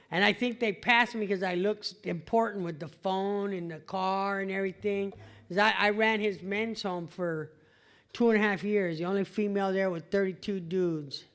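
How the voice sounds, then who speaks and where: A middle-aged woman giving a blunt, swearing testimony at a recovery meeting, laughing at herself. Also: medium pitch. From California. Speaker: AA meeting speaker. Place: meeting hall before an audience.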